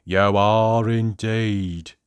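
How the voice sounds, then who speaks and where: A storybook reader voicing Mr Miserable, a gloomy little man who talks in a slow, mopey, sniffly way. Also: medium pitch, fairly even intonation, clear, resonant tone, dry recording. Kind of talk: storybook read-aloud.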